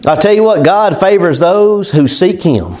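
A man's voice: high-pitched, expressive, a little slow, darkish tone. A man preaching a sermon in a folksy, conversational way, chuckling between points. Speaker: pastor.

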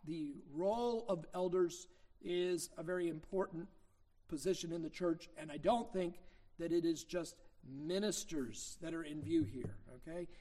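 High-voiced middle-aged preacher. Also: male voice, measured pace, dark tone. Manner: conversational teaching with anecdotes. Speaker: minister. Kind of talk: sermon.

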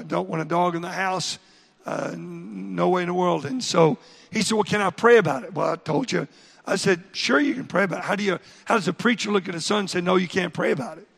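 In a church sanctuary, a pastor with a high, gravelly, somewhat bright voice delivers a midweek sermon in a folksy, storytelling manner, repeating himself as he goes. The church hall adds reverb to the recording.

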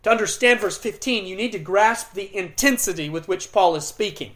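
Earnest and emphatic, this middle-aged pastor works through an expository sermon, pausing dramatically and sometimes restarting. He speaks in a high male voice with a fairly bright tone.

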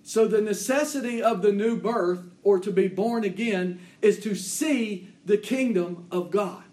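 High-voiced preacher in an echoey church. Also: male voice, unhurried, darkish tone. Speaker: pastor. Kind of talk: sermon.

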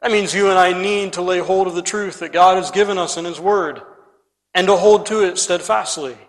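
Male pastor, sermon delivery, emphatic and earnest, voice a bit high, long hall reverb. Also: moderate pace. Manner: earnest, emphatic, repeatedly addressing the listener as friend. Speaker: preacher.

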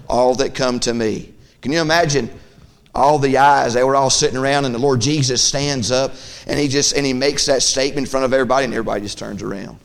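Preaching pastor, loud then hushed. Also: male voice, mid-range voice, fairly even intonation, quick pace, gravelly. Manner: swings from loud preaching to hushed, quiet talk; repeats himself, restarts phrases. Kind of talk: sermon. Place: church midweek service.

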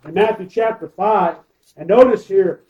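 Male pastor with a high voice, emphatic sermon with rhetorical questions. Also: moderate pace, mellow, rough recording.

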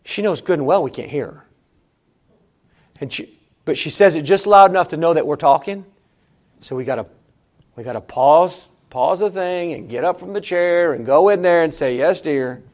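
High-voiced man preaching a sermon. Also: lively intonation, normal speed, long pauses. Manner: conversational preaching with repeated phrases; swings between emphatic rises and low, quiet asides. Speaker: pastor.

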